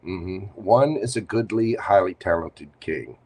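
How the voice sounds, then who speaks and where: A man's voice: deep voice, animated, measured pace, darkish tone, slightly rough. Chatty playful man reading tarot. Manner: chatty, playful, teasing asides. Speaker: tarot reader. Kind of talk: live tarot reading stream.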